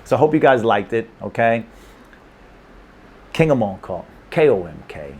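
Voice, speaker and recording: A man with a fairly low voice teaches in a relaxed, conversational way, often stopping to check in with a quick "okay?" or "right?". His tone stays playful and easygoing, with a faint hiss of background noise. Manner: checks in with frequent 'okay?' and 'right?'; laid-back, playful. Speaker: language teacher. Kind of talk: casual explainer lesson.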